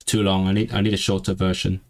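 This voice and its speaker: A man hosting a casual language livestream, rambling, restarting his sentences and sounding out phrases slowly. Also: low voice, completely flat delivery. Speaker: language channel host. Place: lives in England, streaming from home.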